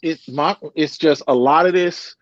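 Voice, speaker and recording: A man calling in to a casual sports talk show, heated and profane, with quick apologetic asides. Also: a little high, no echo, highs cut off.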